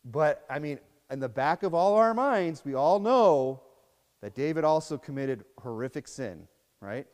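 A man preaching a sermon in a relaxed, conversational way, with casual asides and tag questions between passages of scripture read aloud. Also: a little high, long reverb tail. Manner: reads scripture aloud in King James wording. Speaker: pastor.

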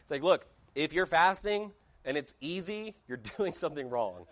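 Preacher man, higher voice. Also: expressive, normal speed. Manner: conversational preaching with emphatic outbursts. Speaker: pastor. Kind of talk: sermon.

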